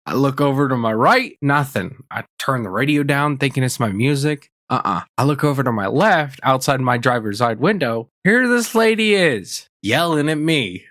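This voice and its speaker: A young man co-hosting a podcast, telling a story in a blunt, profane, animated way. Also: mid-range voice, moderate pace, few pauses, no echo, studio quality. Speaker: podcast co-host. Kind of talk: casual storytelling rant.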